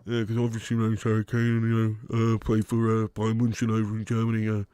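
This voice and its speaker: A man's voice: lowish voice, fast talker, clean tone, dry recording, pitched below the performer's own voice, natural voice. A man doing a dull, plodding footballer. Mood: flat. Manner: flat and hesitant, full of fillers.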